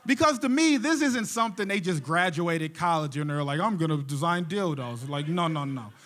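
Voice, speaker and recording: A young man working a stand-up set on a theater stage with a noticeably high voice. He tells animated, jokey stories to the room. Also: normal speed. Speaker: stand-up comedian.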